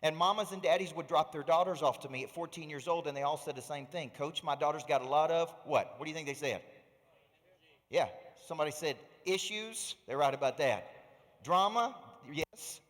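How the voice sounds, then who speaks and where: A middle-aged man with a fairly high voice delivers a preacherly motivational speech from a stage. He talks as a coach and keeps drawing the crowd in with questions. His voice rings out through a large, reverberant hall. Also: brisk. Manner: energetic, preacherly, engages the audience with questions. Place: large hall before a live audience.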